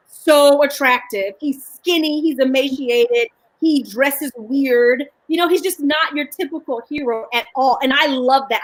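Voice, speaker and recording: A woman's voice: high-pitched, low-quality recording. A woman author telling stories with animation and many restarts in a live video chat. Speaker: author guest.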